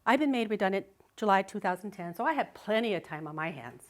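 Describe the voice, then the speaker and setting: Fast-talking and animated, a middle-aged woman with a mid-range voice gives a live talk built around a personal story. She tells it expressively and vividly, frequently breaking into laughter.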